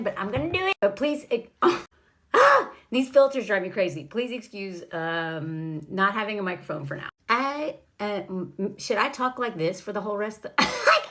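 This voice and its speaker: A woman with a high, very lively voice rattles through a film recap in a chatty vlog style. She is sarcastic and mocking, and her pitch leaps around as she pokes fun at what happens on screen. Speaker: film reviewer. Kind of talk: casual commentary recap.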